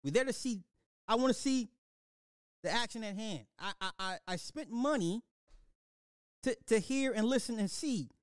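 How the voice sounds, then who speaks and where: A young man hosting a casual talk show, ranting with lots of swearing, laughing often and swinging between loud outbursts and low mutters. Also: lively intonation, normal speed, pauses often, smooth, no room sound, studio quality. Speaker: podcast host. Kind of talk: casual commentary rant.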